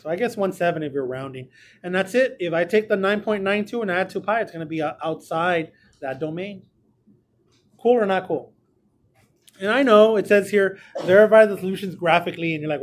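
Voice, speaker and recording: A man's voice: sits high, animated, moderate pace. A man teaches a math lesson from a small room. He is chatty and joking and talks straight to his students. A faint hum of room noise sits behind him. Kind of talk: recorded classroom lesson.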